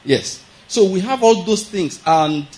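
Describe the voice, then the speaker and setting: A man's voice: high-pitched, animated, unhurried, darkish tone, rough recording. Man preaching in a chatty way. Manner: chatty, laughs often, keeps checking listeners follow. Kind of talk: conversational sermon.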